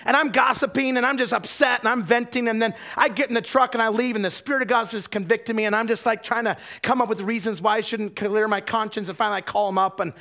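High-voiced man preaching with animated questions. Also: quick pace, few pauses. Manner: animated storytelling with rhetorical questions to the congregation; repeats words when starting sentences. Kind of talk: sermon.

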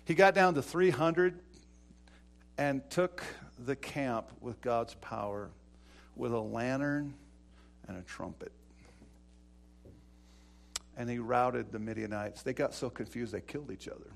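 A middle-aged man preaching a sermon, telling stories and acting out dialogue, swinging between loud bursts and quiet stretches. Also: medium pitch, measured pace, creaky, long pauses. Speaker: pastor.

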